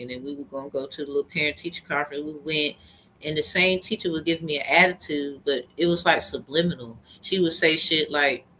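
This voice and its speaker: Woman, bright edgy voice, heated rambling rant, faint room hiss behind. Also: low voice. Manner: heated, profane, rambling storytelling. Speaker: vlogger. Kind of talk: angry personal rant.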